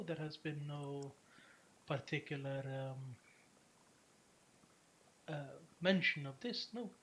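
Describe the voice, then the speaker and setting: A composed young noblewoman , as a game master puts her on, answers slowly, feeling for each word and stopping often between thoughts. She speaks at an unhurried pace at an ordinary middle pitch, with faint clicks behind the voice. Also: slight background noise, lightly acted. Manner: hesitant, many pauses and fillers.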